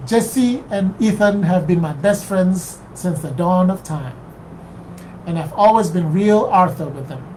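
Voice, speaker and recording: A reader works through the opening pages of a novel aloud, at a middling pitch. The reading keeps pausing for quick asides that question how a word is said or what it means, then picks the story back up. A faint ambient hum sits underneath. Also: darkish tone, rough recording. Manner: reads in first person, breaks off to question words. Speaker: reader on a live stream.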